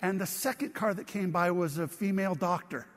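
Guy with a pretty high voice preaching, lively funny storyteller, big echoey hall. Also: a little fast. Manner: animated storyteller, laughs at his own stories. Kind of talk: humorous sermon storytelling. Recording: long reverb of a large hall.

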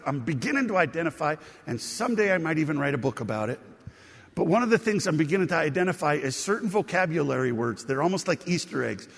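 A man's voice: fairly high pitch, gravelly, slightly rough, long reverb tail. A man preaching a sermon, teaching in a conversational way and rising into emphasis on key points. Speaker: pastor.

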